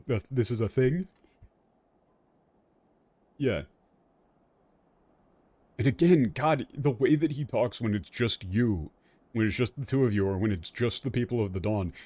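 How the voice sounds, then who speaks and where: A man's voice: medium pitch, darkish tone, no room sound. A man streaming a game and explaining its story in casual, rambling commentary, full of fillers and restarts and the odd swear word. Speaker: streamer playing and translating a game.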